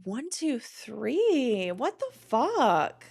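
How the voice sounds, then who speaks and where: A woman co-hosting a livestream in casual chat, blunt and swearing freely as she tells animated stories. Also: a little high, very slow, vocal fry. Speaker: livestream co-host.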